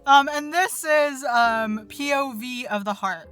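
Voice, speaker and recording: A woman's voice: high-pitched, measured pace, over music. A woman introducing herself as a player on a tabletop game podcast, in a goofy, theatrical way. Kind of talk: casual podcast chat.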